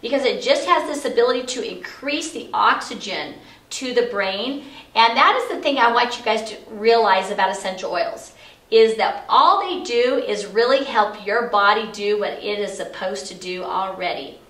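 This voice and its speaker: A woman's voice: medium pitch, expressive, moderate pace, fairly bright tone. A middle-aged woman teaching about essential oils in a chatty, explanatory way, with frequent fillers, recorded in an office. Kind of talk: casual instructional talk. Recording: echoey room, far from mic.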